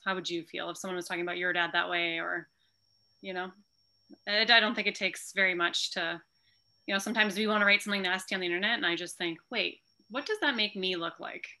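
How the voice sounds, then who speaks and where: An earnest woman talking as a guest on a casual podcast. Her voice is a bit low for a woman but bright and forceful. She speaks in a heartfelt way and often says "like.". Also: steady tone, fast talker. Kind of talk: casual interview chat.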